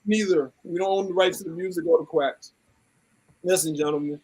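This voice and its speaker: A man's voice: on the high side, steady tone, a little fast, a little mellow, slightly rough, low-quality recording. A man hosting a casual live talk show, teasing and playful as he wraps things up. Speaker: host.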